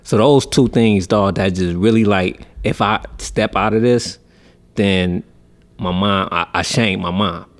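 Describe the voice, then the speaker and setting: A young man in casual chat, laid-back and sometimes low and mumbled. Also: a little slow.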